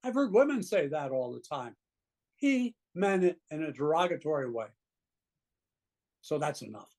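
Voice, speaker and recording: A man in his seventies giving an earnest, indignant political opinion as a pundit guest, with halting restarts. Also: a little high, sing-song, a little mellow, poor audio. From United States. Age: 70s. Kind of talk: impassioned opinion commentary.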